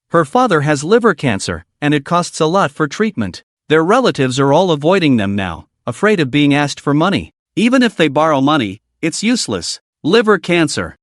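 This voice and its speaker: A man's voice: fairly high pitch, no echo, clean studio sound. A man voicing a weary, cautious village leader in a storybook recap, giving earnest warnings.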